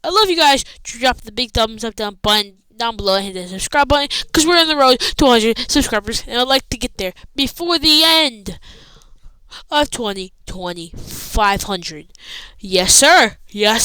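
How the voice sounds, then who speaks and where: A woman recaps a wrestling show in a loose, rambling way, forgetting what she meant to say and filling gaps as she goes. She sounds tired. Her voice is high, smooth and bright, and it is recorded dry and close. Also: lively intonation, moderate pace, dry recording, rough recording. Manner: rambling, loses her train of thought, filler-heavy.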